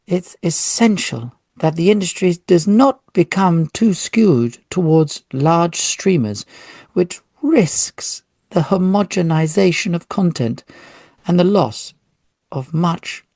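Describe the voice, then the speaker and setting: Union lady voice, a guy putting it on, high and folksy, overdone regional accent, kinda gravelly. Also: expressive, takes it slowly, a little mellow, dry recording, clean studio sound, full character voice. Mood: earnest. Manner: exaggerated mock regional accent, raised pitch. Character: plain-spoken older-sounding female union head.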